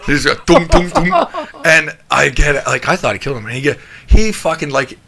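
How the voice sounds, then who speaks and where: A man's voice: a little high, fairly quick, gravelly, pushed and bright. A man telling a story in casual podcast chat, profane and rambling, full of restarts.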